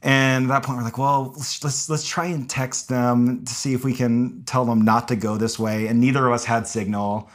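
A man's voice: moderate pace, hardly any pauses. Chatty young man telling a story. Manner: animated, acts out quotes with high-pitched apologies. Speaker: podcast co-host recounting a hike. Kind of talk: casual storytelling chat.

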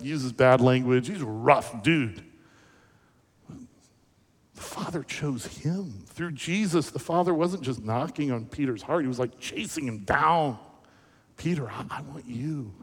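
Man preaching a lively sermon. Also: mid-range voice. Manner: animated, conversational storytelling with questions to the audience. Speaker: pastor. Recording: echoey hall reverb.

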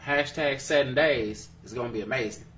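A man's voice: mid-range voice, fairly quick, fairly bright tone, recorded from a distance, a little hiss or hum. A man hosting a podcast in casual chat, joking and laughing often as he teases his co-hosts. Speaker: podcast host.

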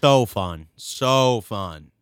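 A man's voice: mid-range voice, lively intonation, drawn-out words, clean tone, no echo, studio quality. A young man co-hosting a podcast, teasing his friend in a playful, crude way. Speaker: podcast co-host. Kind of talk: casual banter.

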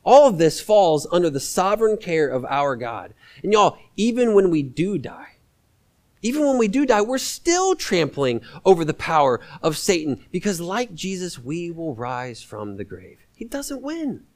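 A male guest preacher delivering a sermon with a fairly high, very lively voice that rises and falls widely. He talks conversationally, repeating key lines for emphasis.

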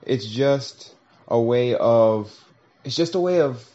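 A man's voice: medium pitch, expressive, slow, warm tone, highs cut off. A man talking through a long, reflective monologue, casual and profane, acting out little voices as he tells a story.

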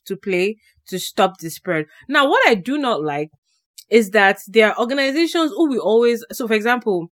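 A woman's voice: fairly high pitch, expressive, moderate pace, no room sound, studio quality. A young woman co-hosting a podcast, chatting casually and explaining things at length with plenty of fillers. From Canada, living in Ontario. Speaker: podcast co-host.

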